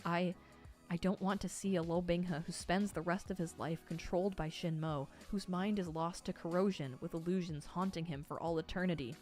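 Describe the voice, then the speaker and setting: A woman's voice: on the low side, fairly even intonation, normal speed, darkish tone, faint music behind, natural voice. A woman reading as a stern, devoted male master. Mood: tender. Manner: earnest, emphatic, pleading.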